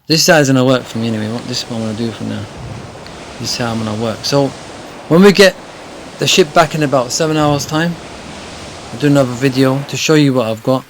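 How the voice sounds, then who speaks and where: Gravelly man chatting over gameplay. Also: medium pitch, slight background noise. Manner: chatty, rambling with many fillers, grows excited. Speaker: gaming video creator. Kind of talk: gameplay tutorial commentary.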